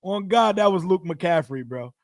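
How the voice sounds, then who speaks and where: A man talks sports in a loose, slangy livestream. His voice sits high and he breaks into laughter often. The sound is dry and close. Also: lively intonation, moderate pace, no room sound. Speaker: sports podcast host. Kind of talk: casual livestream commentary.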